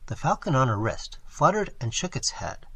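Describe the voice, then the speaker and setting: A man narrating a first-person story for an audiobook in an expressive storytelling manner. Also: mid-range voice, moderate pace, husky, dry recording. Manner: expressive storytelling, varied delivery.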